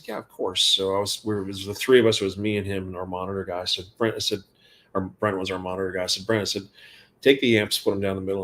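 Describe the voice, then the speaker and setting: A low but fairly bright male voice belongs to a guitar tech interviewed as a guest. He tells loose, wandering backstage tales full of quoted dialogue and laughter.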